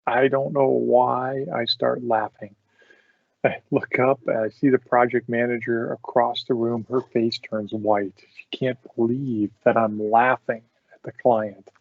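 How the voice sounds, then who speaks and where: A man's voice: mid-range voice, flat delivery, takes it slowly, creaky, no room sound. A man hosting a podcast, telling work stories casually and often breaking into laughter. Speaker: podcast host. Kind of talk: casual storytelling. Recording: dull dry lo-fi sound.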